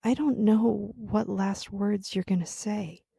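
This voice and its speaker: A woman voicing a hushed, insistent young lover. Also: medium pitch, fairly even intonation, slow, vocal fry, husky, no room sound, clean studio sound, full character voice.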